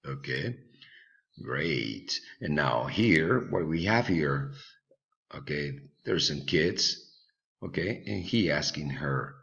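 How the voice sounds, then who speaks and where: A man's voice: rumbling low, expressive, takes it slowly, creaky, sharp tone. A male English teacher with a Spanish accent giving a patient online lesson for children, with many fillers and repeated words. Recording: dull lo-fi recording.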